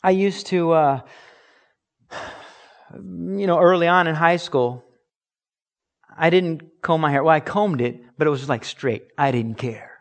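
A man's voice: a little high, unhurried, pauses often. Earnest male pastor preaching a sermon. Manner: earnest, emphatic preaching with acted-out examples.

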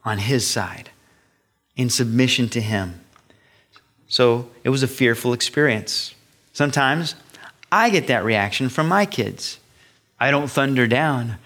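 A middle-aged male pastor preaching a sermon, animated and acting out the voices of the people he describes. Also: medium pitch.

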